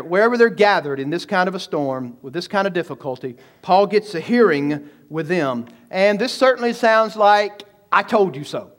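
A pastor delivers an expository sermon in a fairly high male voice. He's emphatic, puts rhetorical questions to his listeners, and alternates slow, weighty phrases with quicker stretches.

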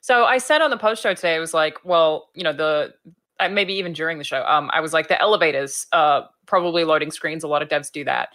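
A woman co-hosting a casual podcast, chatting excitedly with plenty of fillers. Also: deep voice, fast. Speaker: co-host.

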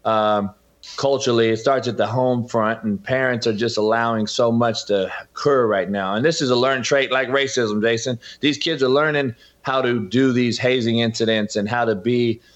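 A man's voice: medium pitch, steady tone, moderate pace. A middle-aged man, a football coach and podcaster, talking emphatically as a guest in an interview and often addressing the host by name. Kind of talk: impassioned interview talk. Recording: dull lo-fi audio.

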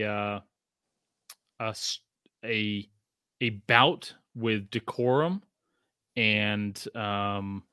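Male podcast host from Australia, bright, dry close mic, rambling. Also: mid-range voice, clean tone, no echo. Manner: rambling, self-interrupting, laughs often. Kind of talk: casual podcast chat.

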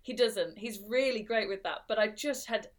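A woman's voice: mid-range voice, moderate pace. A woman in her thirties chats casually as a podcast co-host. She tells a story at length, full of fillers, restarts and asides, in a mid-range voice. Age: 30s. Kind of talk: casual chat.

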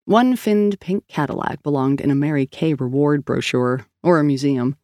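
A woman's voice: low voice, normal speed, mellow, dry recording, studio quality. A woman narrating a novel in clipped, terse scripted storytelling. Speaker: audiobook narrator.

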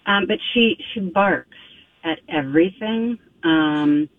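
A woman's voice: on the low side, takes it slowly, no echo. A woman calling into a radio show, speaking hesitantly with many fillers, heard over a phone line. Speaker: caller. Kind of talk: phone-in conversation.

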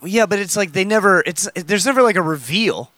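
A man's voice: high-pitched, expressive, fairly quick, bright, forceful tone. A man co-hosting a casual, joking podcast chat, rambling and restarting his sentences. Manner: rambling, self-interrupting.

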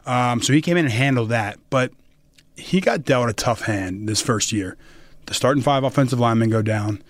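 A young American man, a football lineman, is a guest on a casual podcast interview. He tells animated stories quickly and curses casually, recorded in a studio. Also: medium pitch, no echo. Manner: fast, animated storytelling with casual cursing.

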